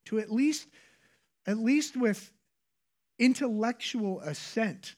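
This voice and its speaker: A man preaching a sermon as pastor, moving between hushed whispered prayer and raised, emphatic preaching. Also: very high-pitched, slow pace.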